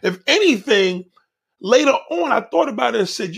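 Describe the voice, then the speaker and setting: A man's voice: very high-pitched, sing-song, moderate pace, creaky, a bit bright, slightly rough. A man hosting his own podcast, talking in a blunt, profane, preachy monologue straight to his listeners. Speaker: podcast host. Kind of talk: casual monologue on a livestream.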